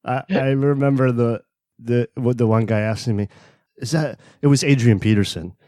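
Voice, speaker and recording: A man's voice: medium pitch, fairly even intonation, moderate pace, warm tone, dry recording, studio quality. A man co-hosting a podcast in casual chat, laid-back, swearing now and then and acting out quotes. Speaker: podcast co-host.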